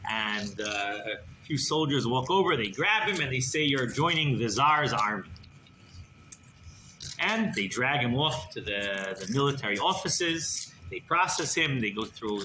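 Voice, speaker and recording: A rabbi telling a story in a sermon, animated and conversational, often checking in with the listeners, recorded in an echoey room with background noise. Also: male voice, mid-range voice. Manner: animated, conversational, asks "right?".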